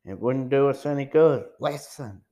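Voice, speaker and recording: A man voicing a cautious teenage boy detective in an audiobook, speaking low and hushed. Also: normal speed, close to an everyday voice. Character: tense teenage boy detective, older brother.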